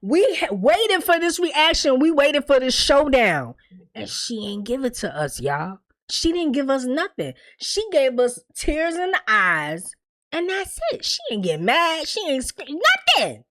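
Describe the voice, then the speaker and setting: Woman doing a tv recap, kinda high voice, blunt and cussing, talking right at her viewers, laughs a lot. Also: a little slow. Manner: blunt, profane, animated, addresses viewers directly; laughs often while talking. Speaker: TV recap reviewer. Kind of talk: casual, opinionated recap talk.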